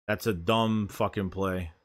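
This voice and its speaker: A man's voice: low-pitched, unhurried. A man calling a football game live as a fan streamer, cursing freely and getting worked up over bad plays. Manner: profane, excitable, yells at bad plays. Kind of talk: live fan reaction play-by-play.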